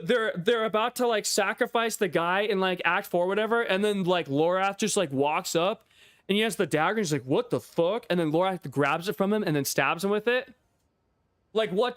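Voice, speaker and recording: A man's voice: sits high, fairly bright tone, no echo. Profane streamer guy, dry close mic. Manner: profane, rambling, laughs often. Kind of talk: casual livestream chat.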